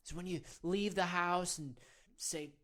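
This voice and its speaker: A man's voice: high-pitched, fairly even intonation, measured pace, sharp tone. A man playing a self-serious male men's-wellness guru, leading a parody of a guided meditation in an earnest, coaxing, rambling way.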